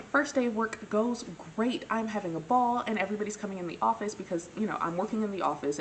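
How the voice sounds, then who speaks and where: A young woman with a low, deep-set voice tells a dating story in a casual, dramatic way, full of playful asides. A faint hum sits behind her voice. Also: rough recording. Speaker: vlogger.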